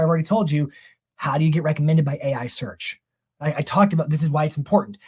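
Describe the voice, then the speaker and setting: Energetic man giving a marketing talk. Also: on the high side. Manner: energetic, quick, conversational with self-corrections. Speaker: real estate marketing speaker. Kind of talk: live training presentation.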